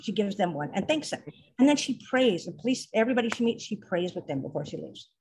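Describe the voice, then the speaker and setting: A woman's voice: mid-range voice, big pitch swings, quick pace, darkish tone, slight background noise. Woman telling a heartfelt story. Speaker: mother of a teenage daughter. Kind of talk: casual chat.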